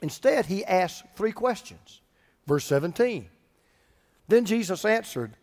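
A man preaching a sermon as pastor, animated, swinging between loud passages and hushed ones. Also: high-pitched, slow, long pauses. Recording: hall reverb.

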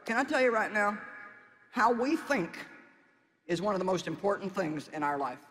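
A man's voice: high-pitched, normal speed, fairly bright tone, big-room sound. A man preaching a sermon in a folksy, conversational way, with emphatic exhortations.

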